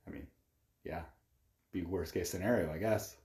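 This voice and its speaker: A man's voice: deep voice, normal speed, darkish tone. A man co-hosting a podcast in casual chat, talking loosely with lots of "like" and frequent laughs. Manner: conversational, laughs often, uses "like" a lot. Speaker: podcast co-host. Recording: roomy echo.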